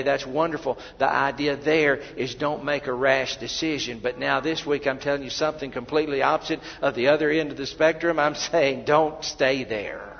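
A man preaching a sermon, fervent and emphatic, building to loud peaks and often restarting his phrases. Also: medium pitch, vocal fry. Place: church sanctuary. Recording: long hall reverb, dull lo-fi sound.

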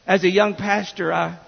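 A man's voice: high voice, gravelly, husky. A male pastor delivering an emphatic sermon, often restarting his phrases as he builds each point. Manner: emphatic preaching with repeated restarts. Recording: dull reverberant church recording.

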